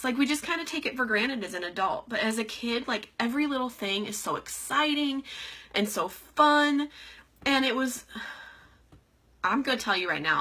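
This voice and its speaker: A woman's voice: high voice, normal speed, pushed and bright. A young woman live-streaming a casual, heartfelt chat, rambling and leaning on "like" and "you know.". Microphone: computer webcam on a live stream.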